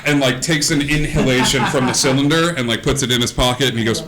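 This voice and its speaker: A man's voice: medium pitch, fairly even intonation, quick pace, crowd noise. A man acting as game master of a live-streamed tabletop game, narrating in an improvised, rambling way full of fillers like "uh" and "like". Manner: rambling, filler-heavy, laughs between lines. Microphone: streaming mic.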